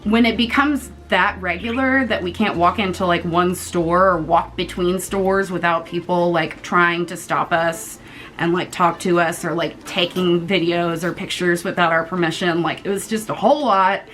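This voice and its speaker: A young woman from the United States, casually telling a storytime vlog in an animated, chatty way and swearing freely. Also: fairly low pitch, moderate pace, a little hiss or hum. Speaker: vlogger.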